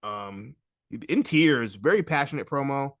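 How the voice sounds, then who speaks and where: Animated man, dry close sound. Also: medium pitch, measured pace, dry recording. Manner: animated, laughs often, restarts sentences. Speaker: podcast host. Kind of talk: casual wrestling chat.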